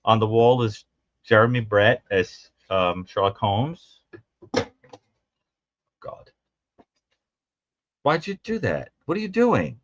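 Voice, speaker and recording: A man's voice: fairly low pitch, very animated, slow, pauses often, dry recording, lo-fi sound. A man co-hosting a call-in show as a psychologist, playful, teasing and theatrical as he banters with a caller. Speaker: psychologist co-host.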